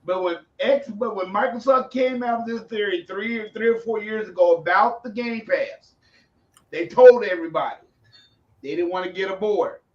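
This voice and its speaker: A man on a podcast, casually rambling through a story in a relaxed, chatty way. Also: sits high, normal speed. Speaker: podcast co-host. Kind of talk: casual chat. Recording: roomy, distant, dull lo-fi sound.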